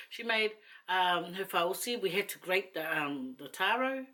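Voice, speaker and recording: A woman's voice: medium pitch, animated, slow pace, pauses often, sharp tone. A woman chatting casually to camera while eating, rambling and laughing between asides. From New Zealand. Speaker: mukbang vlogger.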